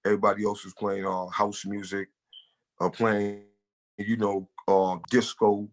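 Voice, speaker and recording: A man's voice: on the low side, level tone, unhurried. A man from the Bronx with a New York accent, talking loosely as an interview guest and leaning on "you know". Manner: loose, street-casual, leans on "you know". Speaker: guest, hip-hop artist. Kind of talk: casual interview talk.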